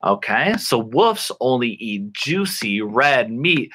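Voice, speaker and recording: Playful, lively online English teacher. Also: male voice, mid-range voice, slow pace. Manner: playful, animated, uses sound effects. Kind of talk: teaching a children's English class.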